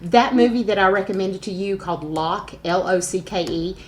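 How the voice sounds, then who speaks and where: A woman's voice: medium pitch, moderate pace. Enthusiastic chatty woman podcast co-host. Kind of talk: casual chat.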